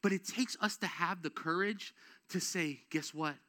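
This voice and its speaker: A man delivers a sermon as a pastor with a very high, bright voice. He preaches in a casual, conversational way with slang, then drives his points home with emphatic, rising exhortation. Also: normal speed. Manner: energetic, rises to emphatic exhortation.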